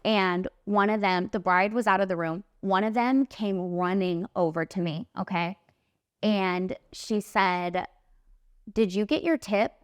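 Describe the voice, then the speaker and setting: Smooth-voiced young woman telling a story. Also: mid-range voice, a little slow, dry recording. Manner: animated, emphatic storytelling with lots of "like" and "literally". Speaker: podcast host and makeup artist. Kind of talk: casual storytelling monologue.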